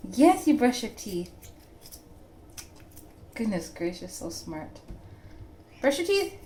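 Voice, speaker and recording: Young woman, sing-song baby talk, swooping pitch, slow, faint background hiss. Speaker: mother filming her baby. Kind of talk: home video baby talk.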